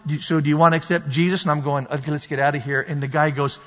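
Animated preacher man in an echoing hall. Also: fairly high pitch, fast, very noisy. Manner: animated, shouting at peaks, storytelling. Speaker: pastor. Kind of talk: sermon. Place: church sanctuary. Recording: dull sound in a large reverberant hall.

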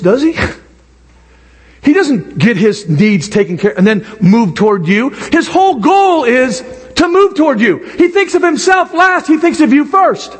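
A male pastor preaching a sermon in an animated way, acting out the voices of the people he quotes. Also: very high-pitched. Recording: long reverb in a hall.

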